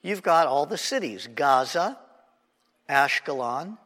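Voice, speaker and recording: Man teaching bible class, keeps asking "right?", slightly high voice, long hall echo. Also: lively intonation, slow, a bit bright. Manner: checks in with the class, frequent "right?".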